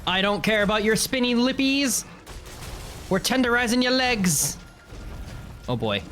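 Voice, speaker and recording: High, lively man streaming a game. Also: measured pace, soft background music. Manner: excitable, yells at the game. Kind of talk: live gameplay commentary.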